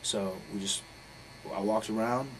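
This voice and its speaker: A man's voice: lowish voice, steady tone, a little slow, background noise. A man, talking bluntly and profanely as he tells a heated personal story in a candid interview. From North Carolina. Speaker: interviewee, professional wrestler.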